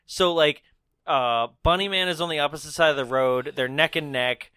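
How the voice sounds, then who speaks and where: Male co-host, bright and upbeat, recapping scenes with quick acted-out quotes, dry sound. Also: on the high side, clean tone, dry recording. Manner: animated, laughs often, acts out characters' lines. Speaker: podcast co-host. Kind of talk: casual movie recap chat.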